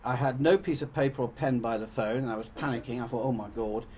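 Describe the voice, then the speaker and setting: With a medium-pitched, darkish voice and a faint hiss or hum in the recording, an older English public speaker talks quickly to an audience. His talk is rambling and anecdotal, and he corrects himself repeatedly.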